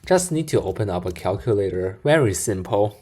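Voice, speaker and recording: A man hosting a reaction video, calmly explaining a calculation one step at a time. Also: fairly low pitch, a little fast. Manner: calm, walks through steps. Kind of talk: explanatory commentary.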